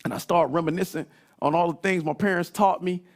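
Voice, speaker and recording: A man in his thirties preaching a sermon, telling stories in an animated way that climbs into shouts. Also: sits high, brisk. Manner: animated storytelling, rising to shouts. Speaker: pastor.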